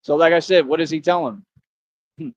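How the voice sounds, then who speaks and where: A man's voice: on the high side, fairly quick, dry recording. A man talking to his viewers in a rambling, defiant, preachy monologue, repeating himself. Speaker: streamer. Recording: dull lo-fi sound.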